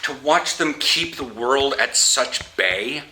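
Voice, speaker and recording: A man from the US Pacific Northwest giving opinionated vlog commentary, halting and restarting his sentences, with wry asides. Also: mid-range voice, expressive, noisy background. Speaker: vlogger.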